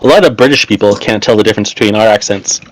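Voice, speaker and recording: A man's voice: lowish voice, racing, slight background noise, poor audio. A man co-hosting a casual hobby chat, dropping dry, teasing one-liners. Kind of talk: casual chat while assembling miniatures.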